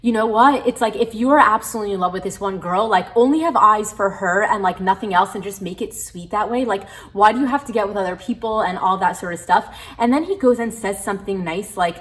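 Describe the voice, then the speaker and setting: A woman's voice: mid-range voice, fairly quick, hardly any pauses. A woman with a mid-range voice talks casually to her camera as a book vlogger. Her speech is full of "like" and spills into frustrated rants with plenty of swearing. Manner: frustrated, animated ranting with frequent "like"; swears freely. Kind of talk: casual reading vlog.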